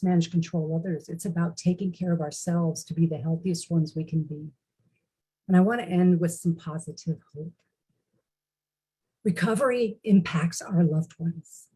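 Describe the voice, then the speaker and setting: A woman's voice: fairly low pitch, steady tone, normal speed, warm tone, breathy edge, rough recording. A middle-aged woman speaking as a recovery speaker, telling personal stories in an earnest, candid way. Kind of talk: personal storytelling talk.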